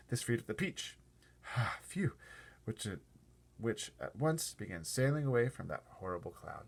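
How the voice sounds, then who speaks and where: A man's voice: medium pitch, animated, brisk, vocal fry. A man reading a children's book aloud, stopping for chatty asides to his listeners. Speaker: storyteller.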